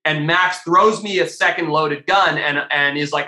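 A man with a fairly high, bright, forceful voice tells a tale in a loose, animated way, cursing now and then. The sound is roomy, with a clear echo around him. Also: moderate pace, hardly any pauses. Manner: animated, swears freely, many fillers. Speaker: podcast guest, shark diver. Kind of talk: casual storytelling.

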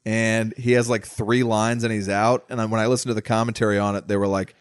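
A man's voice: fairly low pitch, fast talker, clear, resonant tone, dry recording, clean studio sound. A man co-hosting a podcast in casual chat, talking films and acting out scenes he describes. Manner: relaxed film talk, acts out scenes he describes. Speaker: podcast co-host.

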